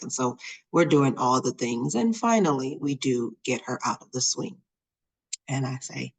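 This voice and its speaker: A middle-aged woman hosting a podcast, telling a personal story in an animated, expressive way with many fillers. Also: a bass voice, unhurried, low-quality recording. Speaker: podcast host.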